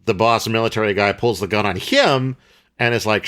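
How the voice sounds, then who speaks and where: A man with a low, bright, forceful voice talks through a film recap in loose casual chat. He rambles with plenty of fillers and restarts, speaking as a podcast co-host. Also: animated, a little fast.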